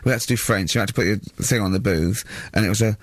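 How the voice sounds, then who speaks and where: A man hosting a radio chat show, telling stories in an animated way and laughing often. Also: fairly low pitch, quick pace, dry recording. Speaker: radio host. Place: radio studio.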